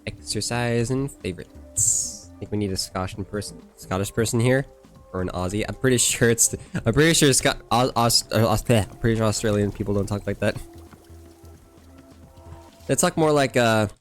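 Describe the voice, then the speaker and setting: A man's voice: lowish voice, moderate pace, faint music behind. A man streaming a cozy game, giving casual commentary with profane, joking, rambling asides.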